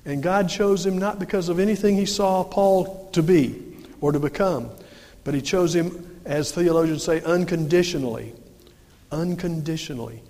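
A male pastor delivering a folksy sermon, often asking questions and answering them himself. His voice sits high for a man. It carries a long reverb from a church sanctuary. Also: normal speed, dark tone, a little hiss or hum.

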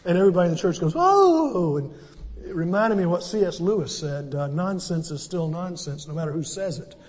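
A man's voice: on the high side, steady tone, fast, mellow, big-room sound. An older man, a pastor, preaching a sermon and telling stories with conversational asides. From southern United States. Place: church sanctuary.

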